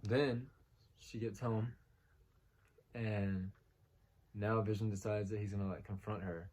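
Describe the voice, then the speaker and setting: A man hosts a casual chat reviewing a TV episode. He recaps in a loose, rambling way, leaning on "like" as he goes. His voice sits a little low. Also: fairly even intonation, slow, a little mellow. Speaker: host.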